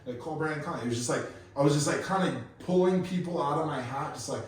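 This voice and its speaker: A man's voice: a little high, fast. A man from Kauai, a pro surfer guest, telling stories in a slangy, laid-back podcast chat full of fillers. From Kauai, Hawaii. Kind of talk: casual podcast storytelling. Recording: echoey room, mic at a distance.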